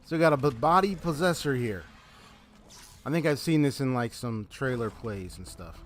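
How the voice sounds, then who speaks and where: A man's voice: medium pitch, lively intonation, normal speed, a little hiss or hum. Chatty man streaming a game. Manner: chatty storytelling, laughs often, reads game dialogue aloud. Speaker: gaming streamer. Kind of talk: casual live gameplay chat.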